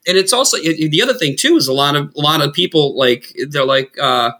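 A man with a Boston accent chats loosely and swears constantly as he tells his stories with animation. His voice sits a bit high and rings bright and sharp. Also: fairly quick. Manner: profane, animated storytelling, slips into loud impressions. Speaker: guest, food content creator. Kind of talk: casual chat.

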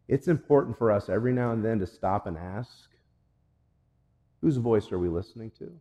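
A man's voice: fairly low pitch, moderate pace, mellow, in a large hall. A male pastor preaching a sermon, telling a story and then pressing emphatic, repeated questions on the congregation.

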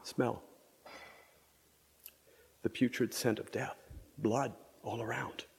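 A man preaching a meditative reflection at a vigil, speaking in a measured, contemplative way and sometimes dropping to a whisper. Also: medium pitch, fairly even intonation, creaky, a little mellow, slightly rough, long reverb tail. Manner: measured, contemplative, drops to whispers for inner thoughts. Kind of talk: slow meditative sermon.

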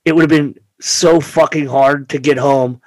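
A man tells a rowdy story in a relaxed podcast chat, swearing freely and slipping into the voices of the people he quotes. His voice sits a little high and sounds close and dry on the mic, with almost no room around it. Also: moderate pace, no echo. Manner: animated, profane, acts out quoted voices.

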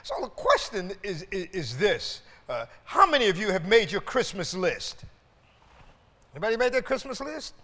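A high-pitched male pastor preaching to his congregation, calling out hallelujahs and asking the room to answer back. He stumbles over repeated words as he builds his points. His voice rings through the long reverb of a church sanctuary. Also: wildly swooping pitch, normal speed, bright, forceful tone. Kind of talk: sermon.

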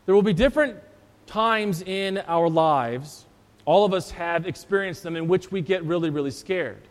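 High-voiced pastor preaching in a reverberant church. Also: male voice, normal speed. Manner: storytelling, conversational preaching. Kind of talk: sermon.

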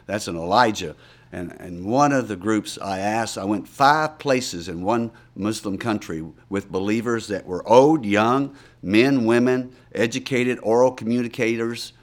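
Storytelling man, low voice. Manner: animated storyteller, acts out quoted voices. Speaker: missionary guest. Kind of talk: storytelling interview answers.

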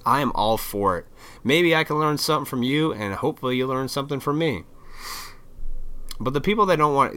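A man's voice: medium pitch, sharp tone. A man talking straight to camera in a casual, profane, opinionated monologue. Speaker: vlogger.

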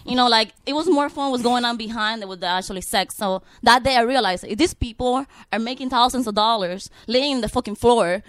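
A young woman with a foreign accent talks as a guest in casual talk show chat, her voice a little higher than most. She sometimes halts to search for English words. The sound is dry and close. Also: fairly quick, hardly any pauses, fairly bright tone, no echo.

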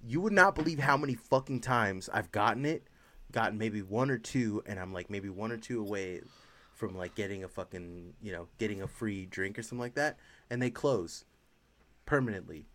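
A man in casual podcast chat, talking in an animated, profane way and jumping into a much higher voice when he jokes. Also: moderate pace, slight background noise. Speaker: podcast co-host. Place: California.

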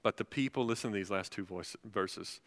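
A male pastor preaching a sermon, swelling to loud, passionate peaks. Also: lowish voice, a little fast. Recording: long hall reverb.

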